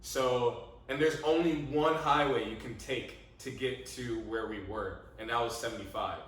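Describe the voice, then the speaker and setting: Animated young man in an echoey room. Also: mid-range voice, normal speed. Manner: animated, laughing, swears freely, quotes himself. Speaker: podcast co-host. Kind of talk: casual storytelling chat. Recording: echoey room, mic at a distance.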